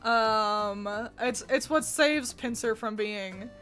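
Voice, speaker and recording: A woman's voice: a little high, slow, fairly bright tone, soft background music. A woman hosting a video, giving chatty, opinionated commentary with frequent filler words. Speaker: video host ranking designs.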